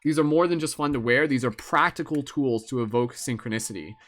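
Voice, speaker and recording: A man's voice: mid-range voice, brisk, fairly bright tone. A young man with a Canadian accent hosting a live stream, chatting casually and rambling with lots of fillers. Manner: laid-back, rambling, with many fillers.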